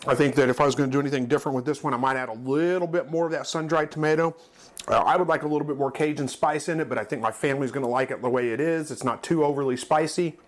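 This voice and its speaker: A man's voice: fairly high pitch, racing. Easygoing man chatting through a recipe. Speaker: cooking channel host. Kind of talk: casual cooking demonstration.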